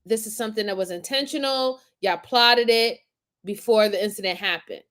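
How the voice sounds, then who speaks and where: A woman hosting a live stream, reacting to crime footage with animated, indignant commentary and talking to her chat viewers. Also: medium pitch, normal speed. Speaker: host reacting to crime videos.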